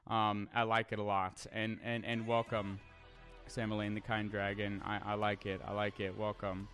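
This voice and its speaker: A man's voice: on the low side, flat delivery, normal speed, a bit bright, faint music behind. A young man streaming live, reading chat aloud and answering in a brash, profane way with lots of stammered restarts.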